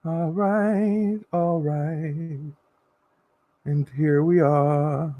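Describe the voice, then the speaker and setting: Man, high voice, slow unhurried delivery, sassy and campy, livestream chat, reads comments aloud. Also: steady tone, no echo, narrow, tinny audio. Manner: sassy, campy, drawn-out endearments. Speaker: livestream host.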